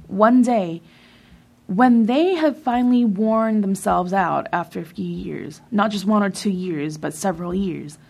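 A woman reading a translated sermon in a measured way, with emphatic pauses. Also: medium pitch, creaky, a little mellow. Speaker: sermon reader.

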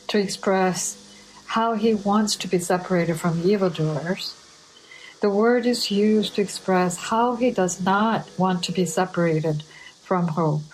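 Slow, deliberate woman preaching. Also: lowish voice, darkish tone, a little hiss or hum, low-quality recording. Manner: measured, deliberate scripture reading. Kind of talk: slow sermon reading.

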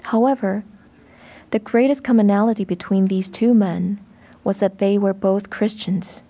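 A woman reading a translated sermon in a measured, even way. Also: mid-range voice. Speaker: voice-over reader of a sermon.

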